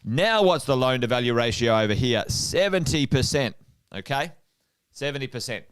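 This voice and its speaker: Speaking at a moderate pace in a clean, mid-range voice, a middle-aged Australian man coaches investors over a whiteboard livestream. He's energetic, goes over his points again and again, and throws questions to the audience.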